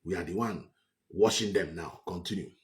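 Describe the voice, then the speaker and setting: Brief: low-voiced Nigerian-accented man, scornful and emphatic political commentary. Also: moderate pace. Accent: Nigerian English. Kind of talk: heated political monologue.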